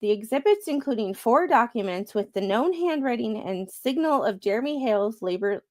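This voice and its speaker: A woman hosting a commentary stream, reading court documents aloud in a halting, rambling way, with many fillers and restarts. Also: mid-range voice, a little mellow, no echo. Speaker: commentary host.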